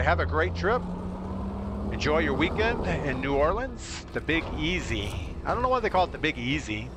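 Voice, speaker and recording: A man's voice: fairly high pitch, very animated, moderate pace, pauses often, background noise. A man chatting casually with his viewers while he plays and comments on a live game stream. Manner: chatty, talks straight to viewers between plays.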